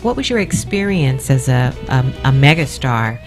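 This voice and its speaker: A woman from Compton, California, co-hosting an interview and asking thoughtful, halting questions with many fillers. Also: very deep voice, sing-song, soft background music. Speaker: co-host.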